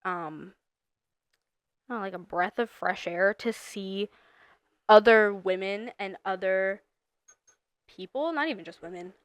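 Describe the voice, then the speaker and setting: A woman's voice: medium pitch, unhurried, pauses often, no room sound. A nineteen-year-old woman co-hosting a casual podcast, rambling with lots of fillers and bursts of emphasis. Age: young adult. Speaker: podcast co-host. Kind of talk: casual chat.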